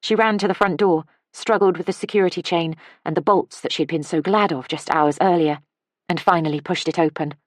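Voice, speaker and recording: With a fairly low voice, a woman narrates an audiobook from a script, calm and measured in her storytelling. The studio-quality recording is dry.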